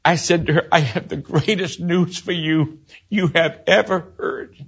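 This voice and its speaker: An older man preaching a sermon, telling a personal story and swinging from loud exclaims to hushed low storytelling. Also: steady tone, a little slow, gravelly, breathy edge, highs cut off.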